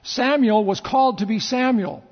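A pastor telling stories in a sermon, with repeated phrases and dramatic pauses. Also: male voice, very high-pitched. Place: church sanctuary. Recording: long church reverb, dull lo-fi sound.

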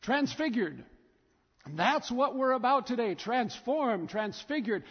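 A man's voice: very high-pitched, lively intonation, measured pace, breathy edge. A man preaching a sermon in a church, telling the story emphatically with lots of repetition. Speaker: pastor. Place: church sanctuary. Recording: dull recording with long church reverb.

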